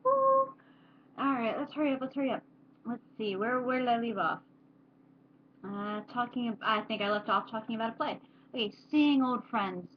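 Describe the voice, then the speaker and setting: A woman's voice: fairly high pitch, sing-song, moderate pace, lo-fi sound, a little hiss or hum. A young adult woman chatting casually to camera in a rambling way, with many fillers. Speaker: vlogger.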